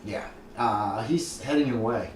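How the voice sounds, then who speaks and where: A man's voice: medium pitch, a little slow, a little hiss or hum. Man running a tabletop horror game. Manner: hesitant, many ums and restarts. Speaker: game master. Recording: echoey room from far off.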